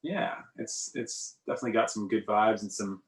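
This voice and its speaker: Easygoing guest on a roomy distant call. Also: male voice, on the low side, moderate pace. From south of France. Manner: easygoing, meandering, many uhs. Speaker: podcast guest, musician. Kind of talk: casual chat over a remote call. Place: home room by the sea in England. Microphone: remote call.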